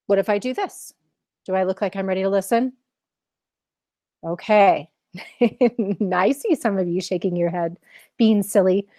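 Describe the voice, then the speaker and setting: A woman's voice: mid-range voice, unhurried, pauses often, warm tone, no echo, studio quality. A woman leading a live online mindfulness lesson for children, encouraging them and asking many questions. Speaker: mindfulness teacher.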